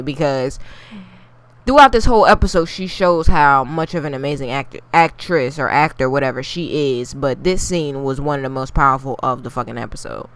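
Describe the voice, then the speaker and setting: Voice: mid-range voice, bright, forceful tone, clear, resonant tone, no room sound. A TV recap reviewer giving a casual, blunt, profane take and talking straight to the viewers. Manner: addresses viewers directly.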